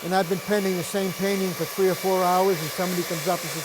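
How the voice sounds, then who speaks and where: A man's voice: sits high, brisk, hardly any pauses, noisy background. An older man hosting an art show, chatting casually and telling rambling stories while he demonstrates painting.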